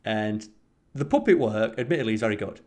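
Brisk and animated, a man with a fairly low, slightly mellow voice rambles through a casual podcast chat as co-host, leaning heavily on fillers.

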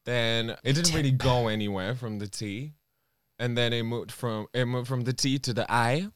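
A man's voice: medium pitch, normal speed, smooth, no echo. A man guesting on a podcast in a studio, making dry, wisecracking remarks in casual chat. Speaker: guest, musician.

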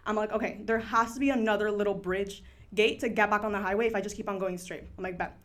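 A woman's voice: medium pitch, steady tone, quick pace. A young woman telling a story in a casual, chatty way, full of "like" and the odd Spanish word. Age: young adult. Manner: chatty, filler-heavy, drops Spanish words. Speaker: student storyteller.

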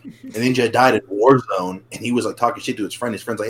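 A man's voice: lowish voice, fast talker, fairly bright tone, a little hiss or hum, low-quality recording. A man co-hosting a casual podcast, talking in a laid-back way, swearing freely and laughing often. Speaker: podcast co-host. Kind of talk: casual chat.

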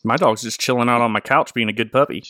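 A young man hosting a podcast in a playful, joking manner. His voice is bright and crisp, and the recording is dry and close. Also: medium pitch, quick pace, dry recording. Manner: jokey and playful. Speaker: podcast host. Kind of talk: casual comedic chat.

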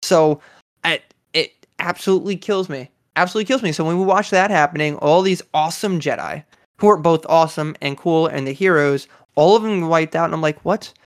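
A man in his twenties in a casual chat, talking earnestly and excitedly as a fan. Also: a little high, brisk, dry recording, studio quality. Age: 20s.

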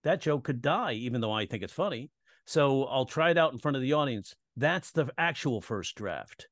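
Animated man teaching comedy writing. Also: medium pitch, moderate pace, dry recording, clean studio sound. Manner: animated, acts out audience reactions and quoted lines; teaching tone, checks in with "right?". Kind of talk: casual explanatory talk in an interview.

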